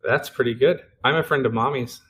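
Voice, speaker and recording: A man's voice: medium pitch, brisk, a bit bright. A man hosting a podcast, giving short, affirming replies to his guest. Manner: brief affirming responses. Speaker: podcast host. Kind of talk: casual interview.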